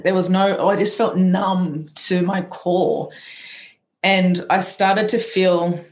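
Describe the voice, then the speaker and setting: Candid woman sharing her story, lower pitch, echoey room sound. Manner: earnest and candid, stumbles over words. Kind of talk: personal storytelling in conversation.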